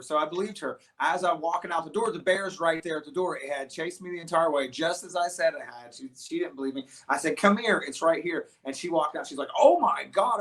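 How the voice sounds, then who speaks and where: A man from the United States, a touring rock musician, telling stories as an interview guest, animated and full of restarts and fillers. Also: a little high. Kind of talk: casual interview storytelling.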